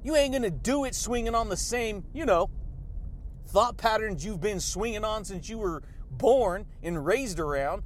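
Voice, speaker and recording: Male podcast host, high-pitched, pumped-up motivational rant full of slang. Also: lively intonation, moderate pace. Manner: hyped, exuberant, laughs between points; slangy, repeats catchphrases.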